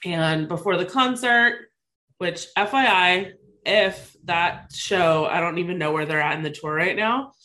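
A woman in her thirties chats with a co-host, casually recounting a personal story in an animated way and leaning heavily on "like" as filler. Her voice is on the low side and unhurried.

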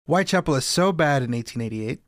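A man co-hosting a comedy podcast, riffing with sarcastic jokes and animated outbursts. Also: mid-range voice, quick pace, dry recording, clean studio sound. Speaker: podcast co-host. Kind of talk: comedic casual banter.

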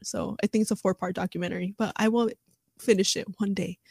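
A chatty woman on a live stream who giggles often and drifts between reading aloud and rambling asides. Her voice is mid-pitched and dry, with no room echo. She keeps a loose, unscripted tone full of fillers. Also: steady tone, fast talker, gravelly, darkish tone, breathy edge. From United States. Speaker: streamer reading and discussing an article.

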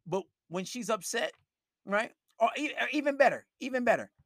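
A man's voice: very high voice, animated, normal speed, a bit bright, dry recording. A man giving blunt, profane dating advice on a live stream, talking in an emphatic rant.

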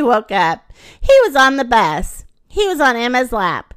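A woman narrating a children's storybook in an expressive storytelling manner. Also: a little high, a little slow, smooth, no echo, studio quality.

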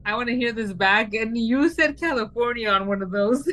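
A woman's voice: a little high, normal speed, a bit bright. A female podcast co-host in casual chat, cutting in with incredulous banter.

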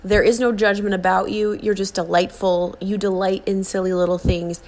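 A woman's voice: mid-range voice, little pitch movement, moderate pace, darkish tone. A woman in her forties giving an earnest, coaxing motivational talk, acting out the kind and harsh inner voices she describes. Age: 40s. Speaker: self-help speaker. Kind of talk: motivational monologue.

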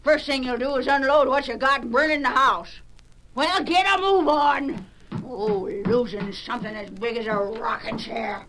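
An actress playing a bossy, sharp-tongued frontier woman in a 1940s radio drama, scolding quickly. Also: high voice. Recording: noisy old radio recording.

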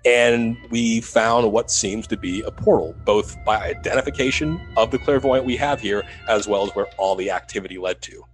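A man who works as a paranormal investigator, telling the story of a haunting in an animated, building way in an interview. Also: fairly low pitch, moderate pace, hardly any pauses, faint music behind, rough recording. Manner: animated retelling, rising to loud urgency.

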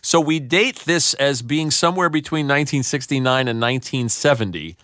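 A man hosting a podcast in casual chat, enthusiastic and quick to laugh. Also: medium pitch, expressive, fairly bright tone, no echo, clean studio sound. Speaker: podcast host.

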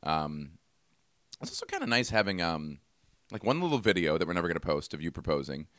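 This man has a fairly low voice and chats casually as a podcast co-host. He tells a long rambling story and acts out both sides of it. The sound is dry and close, with no room around it. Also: sing-song, a little fast, fairly bright tone, no echo. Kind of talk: casual chat.

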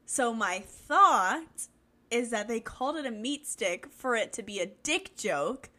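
A young woman co-hosts a casual podcast, talking through a TV episode in blunt, swear-laced chat. Her voice is bright and a touch high. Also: animated, measured pace. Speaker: podcast co-host.

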